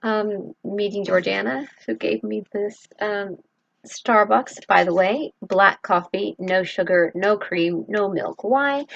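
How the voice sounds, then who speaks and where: A middle-aged woman from Southeast Texas talking in a halting, earnest confessional vlog, with many pauses and fillers. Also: mid-range voice, creaky, dry recording, dull audio. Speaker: vlogger.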